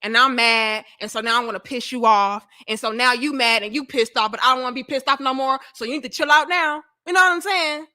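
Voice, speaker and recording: A woman's voice: high voice, fast, hardly any pauses. A young woman hosting a talk show, telling a candid, profane story to her viewers. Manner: animated, profane, talks to herself. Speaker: podcast host.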